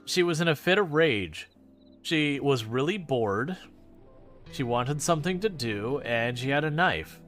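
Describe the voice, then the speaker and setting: A man's voice: medium pitch, animated, measured pace, fairly bright tone, faint music behind. A man chatting casually while streaming a farming game, rambling, joking and laughing often. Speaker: gaming streamer. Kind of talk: casual gameplay commentary.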